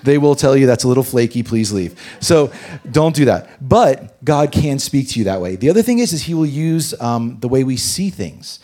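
Husky guy preaching, telling a story, gets loud then goes real quiet. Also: medium pitch, moderate pace. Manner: animated storyteller, swings from loud to hushed. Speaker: pastor. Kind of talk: sermon storytelling.

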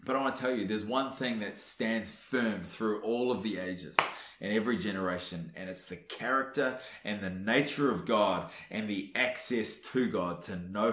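Man, devotional teacher, earnest and urging, low voice, roomy echo. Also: fairly bright tone. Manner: earnest, urging, with frequent fillers and restarts. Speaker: Christian teacher.

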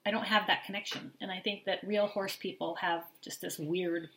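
A woman's voice: medium pitch, fairly even intonation, moderate pace, a bit bright. A middle-aged mother co-hosting a podcast, chatting in a gossipy way and acting out what people said. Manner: chatty, gossipy, acts out quotes. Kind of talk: casual reality-TV recap chat.

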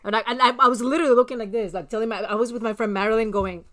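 A woman hosting a casual podcast chat, animated and laughing as she tells stories, dropping in Spanish words. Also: on the high side, fast talker, few pauses. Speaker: podcast host.

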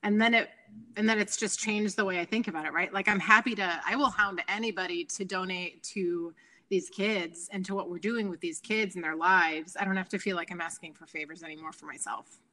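Chatty, animated woman guest. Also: fairly low pitch, fairly quick. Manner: animated, chatty, laughs often, many fillers. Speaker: guest, nonprofit founder. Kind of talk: casual interview chat.

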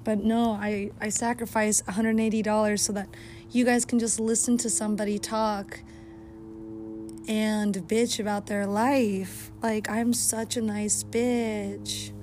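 A woman hosting a casual podcast while walking her dog outdoors at night, rambling and swearing heavily, sometimes yelling at the dog. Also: medium pitch, little pitch movement, measured pace, a little hiss or hum. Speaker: podcast host.

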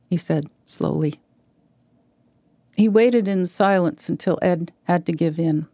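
A woman reading a short story aloud in a measured way, lightly voicing the characters' dialogue. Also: sits low, fairly even intonation, dark tone, dry recording. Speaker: reader.

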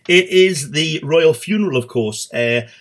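A man's voice: a little high, lively intonation, measured pace, a bit bright. A middle-aged man hosting a satirical comedy show, rambling and swearing with stumbling restarts.

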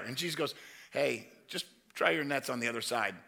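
Guy preaching a sermon, kinda high gravelly voice, really bright, acts out all the characters. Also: fairly quick. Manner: animated storytelling, acting out voices of Bible figures. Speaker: pastor.

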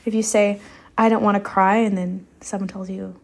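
A woman's voice: medium pitch, level tone, moderate pace, vocal fry, darkish tone. A young adult woman, hosting a solo podcast in a loose, candid, rambling way with lots of "like". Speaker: podcast host.

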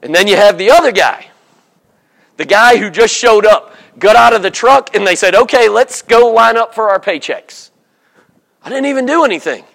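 High-voiced joking preacher. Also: male voice, expressive, normal speed, creaky, a bit bright. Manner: humorous, storytelling, acts out voices. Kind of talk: sermon. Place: church.

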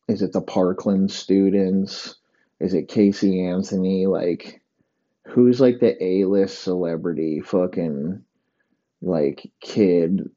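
A man with a low, very dark, mellow voice delivers a rambling, profane comic rant as a podcast host. The recording sounds dull and lo-fi. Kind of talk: solo comedic rant.

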